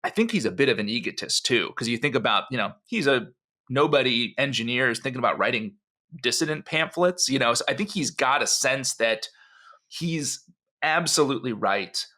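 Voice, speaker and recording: A man's voice: mid-range voice, animated, moderate pace, bright, forceful tone. A man co-hosting a podcast, telling a history story in a rambling, conversational way with many asides. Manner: rambling storyteller, frequent "you know" and restarts. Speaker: podcast co-host.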